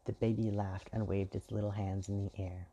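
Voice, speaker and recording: A man reading a fairy tale aloud in an even, measured way. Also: lowish voice, a little hiss or hum. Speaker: storyteller. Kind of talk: scripted fairy-tale narration.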